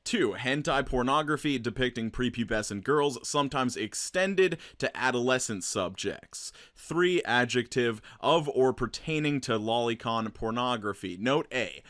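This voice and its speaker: A man's voice: medium pitch, a bit bright, no echo, studio quality. A man giving a blunt, earnest commentary to camera as a vlogger, sometimes swearing.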